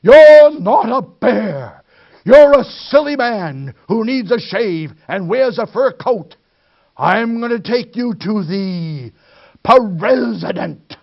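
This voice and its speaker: Man voicing a raging yelling boss, higher pitch, lo-fi. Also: expressive, slow pace, creaky, exaggerated voice. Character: raging yelling first vice president, man.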